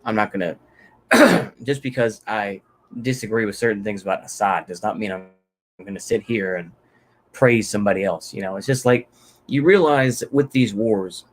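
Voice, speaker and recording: A man from Texas giving unscripted solo political commentary, rambling and profane, with many fillers and restarts. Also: fairly low pitch.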